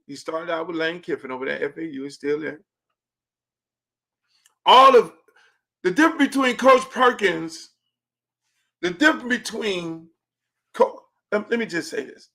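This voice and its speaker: A man hosting his own podcast, ranting about local sports in a brash, profane way, jumping from loud outbursts to low mutters. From Miami. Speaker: podcast host. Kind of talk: opinionated sports talk.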